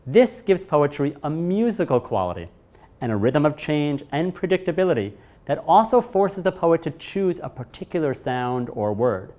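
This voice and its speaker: Man reading a lively poetry lesson. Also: on the high side, normal speed. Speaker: teacher. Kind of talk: scripted lesson narration.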